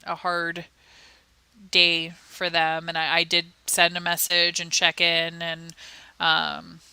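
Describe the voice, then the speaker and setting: A woman's voice: lowish voice, completely flat delivery, slow, gravelly, bright, forceful tone, clear, resonant tone, no echo. A woman co-hosting a casual advocacy livestream, talking earnestly and emotionally with many fillers and restarts.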